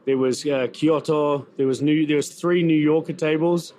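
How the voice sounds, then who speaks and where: A man's voice: on the high side, steady tone, moderate pace, a little mellow. A man with a New Zealand accent, a chef talking in a casual interview, chatty and full of fillers and repeated words. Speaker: chef and restaurant owner. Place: busy event venue.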